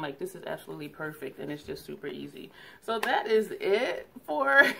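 A woman's voice: medium pitch, gravelly, a bit bright. A woman reviewing her eyeshadow palettes in a chatty, casual way, laughing often and correcting herself. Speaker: beauty vlogger.

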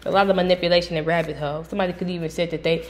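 A woman giving a casual tarot reading from home, blunt and profane, breaking into loud sudden outbursts. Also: on the low side, steady tone, racing. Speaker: tarot reader.

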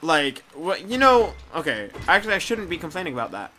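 A young man giving casual let's play commentary, rambling, swearing freely and talking to the screen, muttering quietly and then breaking into loud excited outbursts. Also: on the high side, a little fast, slight background noise. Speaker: gameplay commentator.

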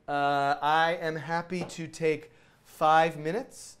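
A man's voice: a little high, little pitch movement, takes it slowly, fairly bright tone. Upbeat man teaching a live stream. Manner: rambling, enthusiastic, many ums and restarts.

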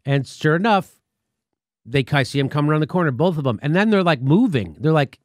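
A man's voice: on the high side, fairly quick, no room sound, clean studio sound. A man hosting a talk show, telling a story casually and acting out what people said, with swearing. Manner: animated, acts out quotes with profanity. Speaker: show host.

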